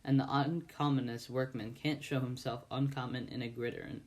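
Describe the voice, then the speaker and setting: A man voicing a slow, kindly village blacksmith. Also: medium pitch, steady tone, darkish tone, lightly acted. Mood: earnest. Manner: ponderous, deliberate, rustic grammar. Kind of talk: amateur audiobook reading.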